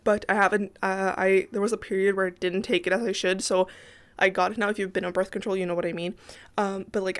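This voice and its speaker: A woman talks in a loose, rambling voice-over while she builds in a game, sounding worn out and tired. She apologizes a lot and giggles between thoughts. Her pitch sits in an ordinary middle range. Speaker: Sims builder and YouTuber. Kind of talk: casual voice-over chat over a speed build. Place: at home at her PC.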